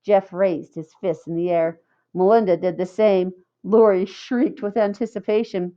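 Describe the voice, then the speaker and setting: A woman narrating a children's novel in a clear, steady read-aloud way, in a slightly muffled recording. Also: mid-range voice, unhurried. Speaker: audiobook narrator. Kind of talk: scripted narration.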